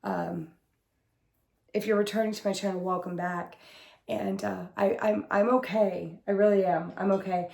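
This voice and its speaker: A hoarse woman getting over an illness, with a smoky, husky voice, chatting casually as host of her cross-stitch video in her craft room. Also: mid-range voice, fairly even intonation, normal speed, a little mellow, roomy sound. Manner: rambling, chatty, full of fillers. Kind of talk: casual chat to camera.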